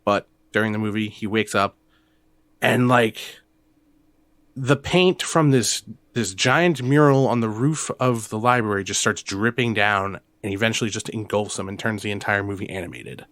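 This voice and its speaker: A young man co-hosting a casual podcast chat, animated and quick to laugh, retelling films with energy. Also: dry recording. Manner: animated, laughs often, breaks into high squeaky impressions. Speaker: podcast co-host.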